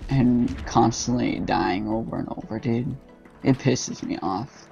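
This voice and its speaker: Game music and gunfire fill the background while a young gaming-channel host plays a shooter, swearing and ranting at teammates in frustrated, casual commentary. He speaks slowly at a medium pitch, his voice creaky and a little mellow, and the audio is dull.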